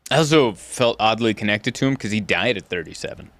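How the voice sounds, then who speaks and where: A man in his thirties hosting a casual podcast chat, telling stories with animated delivery and frequent laughter. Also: fairly low pitch, brisk, no room sound. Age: 30s. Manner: animated storytelling, laughing often. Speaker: podcast host.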